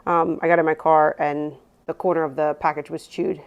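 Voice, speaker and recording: A woman's voice: lowish voice, brisk, darkish tone, muffled recording. A woman in her thirties, a mother casually narrating a grocery haul with lots of "um"s and rambling asides. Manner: chatty, rambling with many "um"s. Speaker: vlogger, mother.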